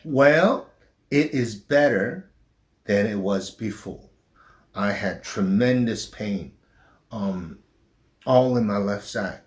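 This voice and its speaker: A middle-aged man, a pastor, speaking slowly and haltingly in an interview, with a slight southern drawl since his stroke. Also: lowish voice, lively intonation. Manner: slow, halting speech with restarts after a stroke. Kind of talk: personal interview.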